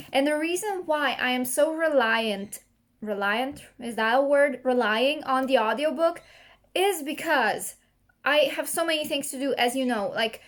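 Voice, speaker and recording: A young woman talking straight to her own camera in a loose, chatty vlog rant. Her voice sits a little high. She gets animated as she complains, and laughter keeps slipping into her words. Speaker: book vlogger.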